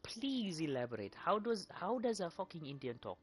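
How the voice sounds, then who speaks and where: Low-voiced, swearing gaming streamer woman. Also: sing-song, moderate pace, slightly rough. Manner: profane, joking, mock-indignant; rambling with repeated words. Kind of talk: casual gaming commentary.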